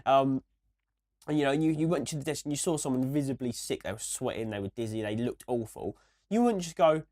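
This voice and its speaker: A young man talks through a casual podcast rant, circling back and restarting his sentences. His voice is a little hoarse from a cold, and its pitch sits in the middle. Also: animated, fast talker, a little mellow. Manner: rambling, ranting, many restarts. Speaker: podcast co-host.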